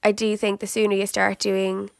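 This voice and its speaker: A woman's voice: mid-range voice, monotone, moderate pace, vocal fry, dry recording, studio quality. A woman skincare expert in casual conversation, explaining things patiently and teasing her co-host. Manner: teasing, explanatory, asks leading questions. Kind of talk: casual podcast chat.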